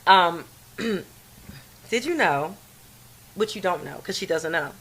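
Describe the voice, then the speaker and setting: A woman's voice: on the low side, lively intonation, takes it slowly, a bit bright, low-quality recording. A young adult woman co-hosting a podcast, chatting with her best friend in a teasing, playful way. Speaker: podcast co-host. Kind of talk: casual chat between best friends.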